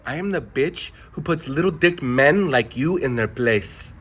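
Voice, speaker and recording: A man's voice: medium pitch, lively intonation, moderate pace, a bit bright, breathy edge, voice pushed down. A man voicing a cold, fearless wife in a told story, speaking in an icy, cutting manner. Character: cold, fearless wife facing down a rude diner.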